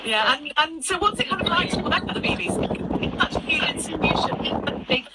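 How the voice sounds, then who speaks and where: A woman's voice: sits high, expressive, a little fast, heavy background noise. Woman, host, casual interview, enthusiastic, encouraging, video call. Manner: enthusiastic, encouraging, asks long questions.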